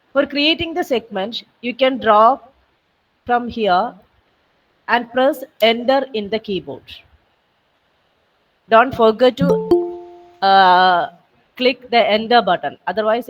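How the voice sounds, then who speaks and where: A woman walks trainees through a program step by step on a video call. Her voice sits a little high and patient, pausing on fillers as she repeats the steps. The sound comes from a distant laptop mic. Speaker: software trainer. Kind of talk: online training session walkthrough.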